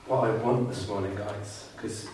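Earnest preacher in an echoey hall. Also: male voice, fairly low pitch, fairly even intonation, unhurried, a little mellow, a little hiss or hum. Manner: earnest, fervent, mimics grumbling listeners. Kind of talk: sermon. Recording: very echoey hall, mic far off.

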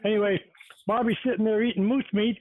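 Rambling older man, high and tinny. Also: fairly even intonation, fast, slight background noise. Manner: rambling storyteller. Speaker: co-host. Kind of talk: casual chat. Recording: tinny phone line.

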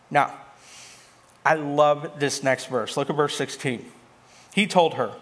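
A man's voice: on the high side, normal speed, fairly bright tone. A man preaching a sermon as a pastor, talking conversationally to the congregation and mixing in humorous asides.

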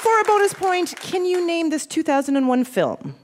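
A woman's voice: very high-pitched, big pitch swings, normal speed, crowd noise, noisy background. A woman hosting a quiz game, playful and joking with the contestants. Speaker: quiz show host.

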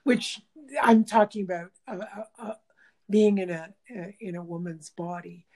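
A woman's voice: on the low side, moderate pace, dark tone. A woman workshop teacher talking in a reflective interview, thoughtful and searching for words, often restarting.

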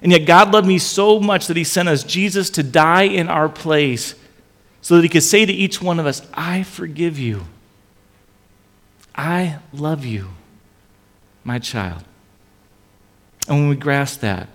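A man's voice: a little high, in a large hall. A man preaching a sermon in a conversational way, often repeating his phrases. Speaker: pastor.

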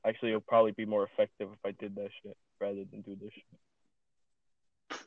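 A man's voice: lowish voice, completely flat delivery, normal speed, dry recording. A young man hosting a podcast, ranting in frustration with constant swearing and comic exaggeration, recorded on a phone he holds up. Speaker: podcast host. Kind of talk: angry profane rant. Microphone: phone held up. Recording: tinny phone-quality audio.

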